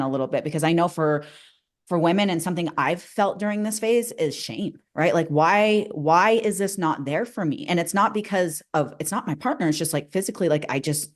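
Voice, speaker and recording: A middle-aged woman hosting a podcast, speaking openly and candidly, with quick affirmations in casual chat. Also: on the low side. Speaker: podcast host.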